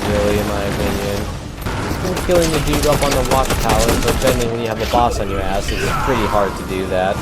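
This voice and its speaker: A young man giving casual, self-mocking commentary over his own gameplay clips. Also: on the low side. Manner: laid-back, self-mocking, joking. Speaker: gaming YouTuber. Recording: loud gunfire and game sounds behind.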